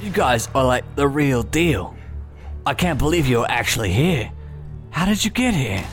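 A man voicing an excitable, eccentric man in his early thirties, his put-on accent wobbling as he goes. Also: medium pitch, moderate pace, faint music behind, lightly acted. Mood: amazed.

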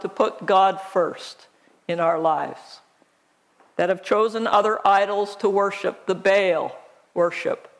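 Sex: woman. Role: pastor. Style: slow, conversational sermon with scripture reading and rhetorical questions. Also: medium pitch.

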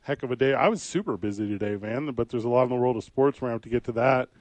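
A man's voice: medium pitch, very fast, darkish tone, dry recording. A man co-hosting a sports radio show, joking and rambling in casual banter. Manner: jokey, rambling, playful.

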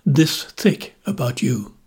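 A man's voice: medium pitch, very animated, slow, creaky, a little mellow, breathy edge, exaggerated voice. A man voicing a genial middle-aged Dublin civil servant with a Dublin accent, wry and friendly. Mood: amused.

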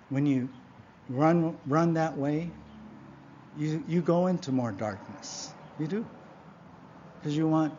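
A man preaching a sermon in church, emphatic, often asking his congregation "right?", swinging between loud exhortation and quiet asides. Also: on the high side. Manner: emphatic preaching, frequent rhetorical "right?" and "yeah?". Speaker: pastor. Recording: dull lo-fi recording.

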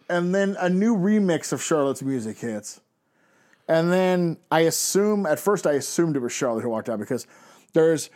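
A man's voice: high voice, a little mellow. Sarcastic man ranting on a podcast. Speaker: podcast co-host. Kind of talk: casual chat, wrestling recap.

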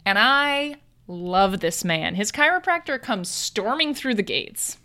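Young woman, bright tone, casual podcast co-host, rambling plot retelling. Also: mid-range voice, expressive, a little slow. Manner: loose storytelling with "like" and "and then". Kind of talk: casual film recap chat.

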